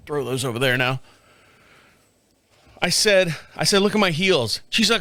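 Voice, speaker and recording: A man's voice: sits high, sing-song, unhurried, long pauses, bright, forceful tone, no room sound. A middle-aged man hosting his own show, telling a rambling story to camera in casual chat and laughing often, recorded in a small home studio. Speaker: podcast host. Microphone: studio mic on camera.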